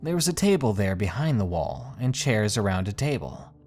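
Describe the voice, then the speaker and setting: A man reading out a creepy first-person story as a scripted narration, with an expressive storytelling delivery. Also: fairly low pitch, moderate pace, soft background music.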